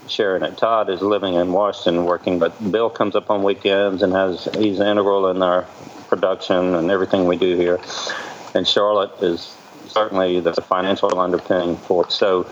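A middle-aged man with a Southern American accent, a cider maker talking in a relaxed, rambling way as a guest on a video call. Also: low-pitched. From Virginia, USA. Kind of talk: casual interview over video call. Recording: dull call audio with faint noise.

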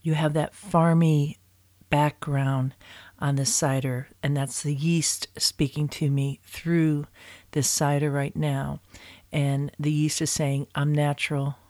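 A man hosting a podcast, giving slow, savoring tasting notes during a casual chat. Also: fairly high pitch, level tone, a little mellow, no echo. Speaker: podcast host tasting cider.

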